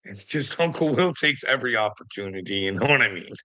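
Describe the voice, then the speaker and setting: A man's voice: mid-range voice, lively intonation, fast, sharp tone. A man ranting casually to his viewers, swearing constantly, rambling and laughing between thoughts. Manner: profane, rambling, laughing often.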